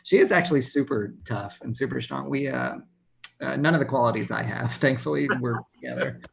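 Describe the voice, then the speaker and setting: A man's voice: mid-range voice, fairly quick, vocal fry, slight background noise. A man in his thirties from Texas doing a stand-up set over a video call, self-deprecating and laughing at his own jokes. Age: 30s. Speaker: stand-up comedian.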